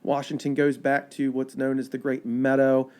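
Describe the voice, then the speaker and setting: A man, a park ranger guest, telling history in a chatty, animated storytelling way. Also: medium pitch, normal speed. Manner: animated, chatty storyteller with fillers and quoted asides.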